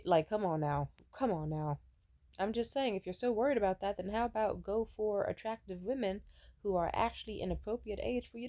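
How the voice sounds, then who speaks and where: A woman's voice: fairly low pitch, warm tone. A young woman telling dating stories in a casual rant, blunt, profane and sarcastic, mocking people in put-on voices. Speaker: storyteller vlogger. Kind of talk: casual ranting storytime.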